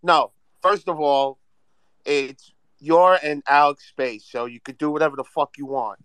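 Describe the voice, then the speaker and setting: A man's voice: on the high side, fairly even intonation, a little slow, fairly bright tone, clear, resonant tone, no echo. A man speaking in an online audio chat, blunt and profane, backing up the hosts. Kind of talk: casual chat.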